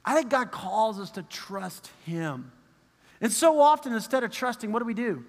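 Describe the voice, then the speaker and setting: A man preaching a sermon as pastor, animated and acting out the people he quotes. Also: sits high, moderate pace, long reverb tail. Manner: animated, acts out quoted voices, chuckles.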